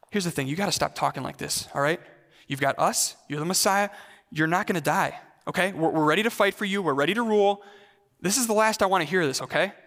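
A man's voice: high-pitched, fairly bright tone, long reverb tail. A preacher voicing a brash male disciple who takes a friend aside and talks to him in a pushy, dismissive way.

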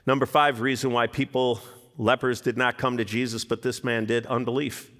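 Animated preacher in a reverberant hall. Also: male voice, medium pitch, moderate pace. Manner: animated, acts out quotes in character voices. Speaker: pastor. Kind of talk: sermon.

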